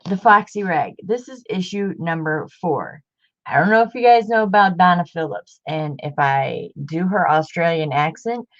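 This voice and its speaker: Chatty woman on a dull lo-fi mic. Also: lowish voice. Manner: chatty, rambling, with many fillers and restarts. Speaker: craft channel host. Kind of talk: casual chat to viewers.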